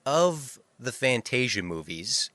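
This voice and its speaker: A man co-hosting a podcast, talking in a lively voice that swoops up and down. His tone is bright and forceful, and he is recorded dry and close with no room sound. He jokes at his own expense and laughs often. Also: mid-range voice, slow, no room sound. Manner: animated, self-mocking, breaks into laughter. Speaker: podcast co-host. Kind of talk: casual chat.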